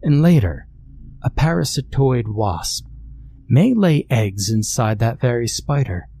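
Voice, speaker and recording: A man voicing a wily, silver-tongued boy telling a scary campfire tale in a low, sinister voice. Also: very animated, slow pace, vocal fry, warm tone, husky, dry recording, heavily acted. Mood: ominous.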